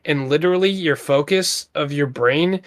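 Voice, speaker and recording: With a voice on the high side and a normal speaking speed, a man in his thirties co-hosts a podcast. He rambles earnestly through a casual motivational talk, using many fillers.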